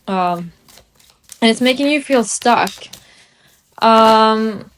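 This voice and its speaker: A young woman reading tarot cards at home, talking slowly and musingly with many pauses. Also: a little high, slight background noise. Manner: slow, musing delivery with frequent pauses. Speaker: tarot reader. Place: room at home by a window.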